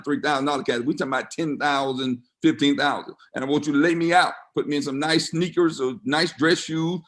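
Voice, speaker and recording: A man's voice: on the high side, a bit bright. A middle-aged man, a pastor, talking to his congregation over a video call in a folksy, emphatic way, repeating phrases for effect. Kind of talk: casual church talk.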